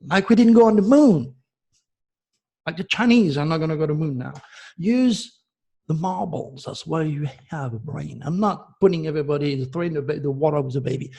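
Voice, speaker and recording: A man's voice: fairly high pitch, fairly quick, creaky, mellow, slightly rough. A man from France, hosting an astrology show in a passionate, ranting monologue that turns emotional. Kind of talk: impassioned video monologue.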